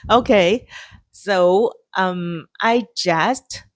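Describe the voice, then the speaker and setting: A woman from Thailand with a Thai accent, a native Thai speaker, co-hosting a casual podcast chat in a soft, halting way as she searches for words. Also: mid-range voice, no room sound. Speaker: podcast co-host.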